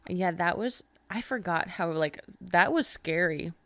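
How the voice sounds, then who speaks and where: A young woman hosts a podcast in a casual, chatty way, telling stories with plenty of "like". Her voice sits a little low. The sound is dry and close. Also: a little slow, no echo. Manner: chatty, animated storytelling with frequent "like". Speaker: podcast host. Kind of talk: casual chat.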